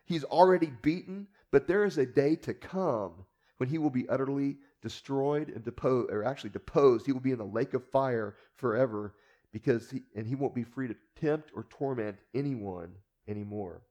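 A man's voice: medium pitch, moderate pace, dark tone, lo-fi sound. A man preacher teaching a Bible story in a casual storytelling way, with rhetorical asides to the listeners.

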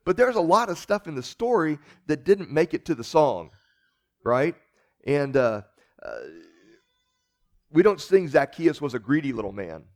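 A man's voice: fairly high pitch, very animated, a little slow, pauses often. Earnest man preaching a conversational sermon. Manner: earnest, repeats words, asks listeners "right?". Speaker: pastor.

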